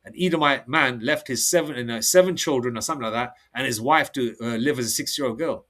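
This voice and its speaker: Man, solo preacher; rambles, restarts, reads scripture slowly, flares up hot. Mid-pitched. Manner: excitable, heated outbursts. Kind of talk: solo religious monologue.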